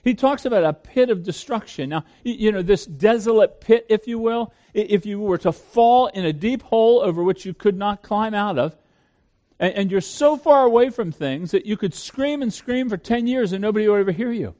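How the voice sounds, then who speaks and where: High-voiced man preaching earnestly. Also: animated, normal speed, dark tone. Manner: earnest, repeats words when starting sentences. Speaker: pastor. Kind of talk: sermon.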